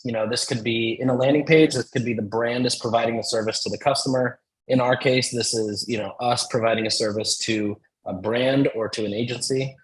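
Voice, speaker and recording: Man explaining with animated examples. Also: medium pitch, rough recording. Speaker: podcast guest, company founder. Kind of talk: casual explanatory chat.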